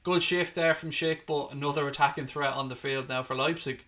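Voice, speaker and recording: A young Irish man calls the match live for his watchalong, blunt and sweary, flaring into outrage at bad calls. His voice sits a little high and rings bright and forceful. He keeps talking over the play without pause. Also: steady tone. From Ireland. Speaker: watchalong host. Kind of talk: live match commentary and chat.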